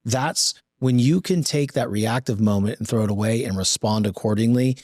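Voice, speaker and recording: A man's voice: medium pitch, moderate pace, darkish tone, no echo, clean studio sound. A middle-aged man on a podcast, telling a family story with earnest conviction and acting out the dialogue. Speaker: podcast guest. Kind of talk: casual conversation.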